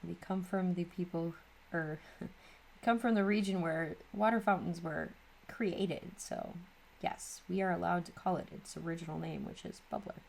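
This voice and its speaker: A woman's voice: on the low side, moderate pace, creaky, a little hiss or hum. A woman in her thirties with a Midwestern American accent, hosting a casual crafting vlog and rambling chattily with lots of ums. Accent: Upper Midwest American. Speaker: craft channel host.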